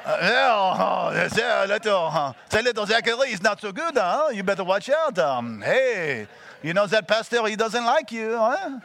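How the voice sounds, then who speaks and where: A man's voice: high-pitched, very animated, normal speed, vocal fry, fairly bright tone, voice pushed up, full character voice. A man putting on a sly, taunting male devil with a playful mock French accent. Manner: teasing, whispering doubts.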